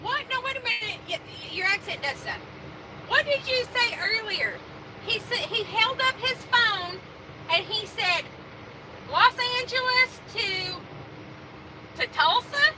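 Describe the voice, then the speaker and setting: Woman, very high voice, teasing banter, reads comments, clear road noise. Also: expressive, normal speed. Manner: teasing, corrects his pronunciation. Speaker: trucker co-host reading viewer comments. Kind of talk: casual banter on a live stream. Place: truck cab.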